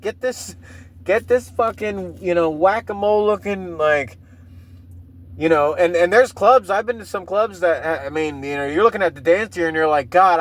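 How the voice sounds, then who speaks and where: A man with a slightly raised voice hosts his own podcast and rambles through a crude story. He fills his talk with "you know," restarts often, and chuckles between phrases. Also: a little high. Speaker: podcast host. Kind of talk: casual solo podcast rant.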